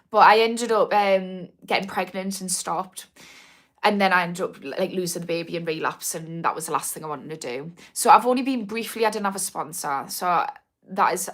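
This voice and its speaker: Replying to live stream comments, a woman who coaches addiction recovery rambles and keeps restarting. She has a North East English accent and a mid-range, slightly bright voice.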